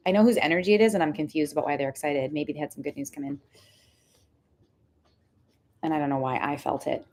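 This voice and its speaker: A young woman hosts a casual tarot livestream and talks straight to her viewers. Her voice sits a little low for a woman. She is chatty and excitable and fills her talk with "like.". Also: fast, slight background noise. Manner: chatty, excitable, says "like" a lot. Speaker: tarot reader hosting a livestream.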